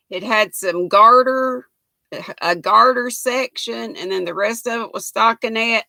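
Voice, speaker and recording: A woman's voice: on the high side, vocal fry, pushed and bright, dry recording. An older woman, chatting folksily with viewers and reading their comments on a knitting livestream, laughing often. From United States.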